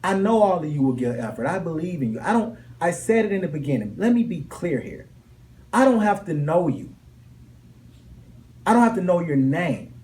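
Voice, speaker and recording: A man's voice: on the high side, big pitch swings, normal speed, darkish tone. Emphatic young man giving a motivational speech. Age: young adult. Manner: emphatic, repeats key lines with rising intensity. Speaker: motivational speaker. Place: classroom.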